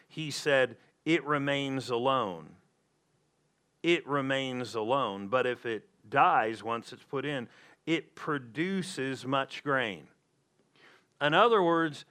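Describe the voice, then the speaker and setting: A male pastor delivers his sermon at an unhurried pace, the way someone chats with his listeners. His voice is bright and forward, and he keeps repeating key phrases to drive them home. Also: mid-range voice. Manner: conversational preaching with emphatic repetition.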